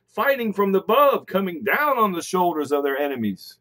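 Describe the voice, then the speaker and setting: Animated man teaching the Bible. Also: on the high side, fairly quick, hardly any pauses. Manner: emphatic and animated, with frequent "all right". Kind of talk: recorded Bible lesson.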